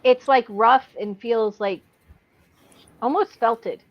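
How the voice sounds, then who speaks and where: A woman's voice: on the high side, takes it slowly. Chatty American woman, lo-fi audio. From United States. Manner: chatty, retells comedy clips. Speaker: podcast co-host. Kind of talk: casual chat.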